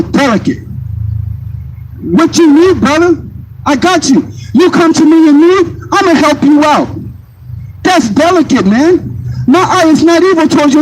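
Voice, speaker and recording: A man's voice: very high-pitched, rough recording. A man preaching on a city street, insistent and combative, repeating his points into a handheld phone. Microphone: handheld phone mic. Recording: phone recording with street traffic noise.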